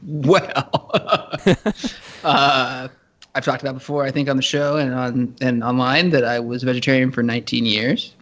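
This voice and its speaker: Laughing podcast co-host on a dull line. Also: male voice, mid-range voice, steady tone, a little slow, long pauses, a bit bright. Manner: laughing, stammering, easygoing. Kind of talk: casual podcast chat.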